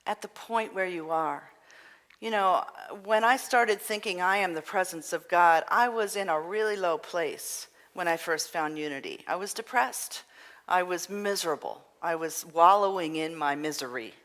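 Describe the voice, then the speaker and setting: Woman pastor preaching soft and earnest, lowish voice, big echoey church. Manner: gentle, earnest, soft-spoken at times. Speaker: minister. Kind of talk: sermon. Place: church sanctuary. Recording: long reverb of a hall.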